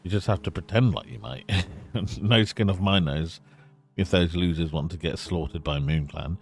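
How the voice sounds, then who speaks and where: A man's voice: low voice, moderate pace, gravelly. A man voicing a rude, scruffy sailor who talks in a blunt, mocking way. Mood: sneering.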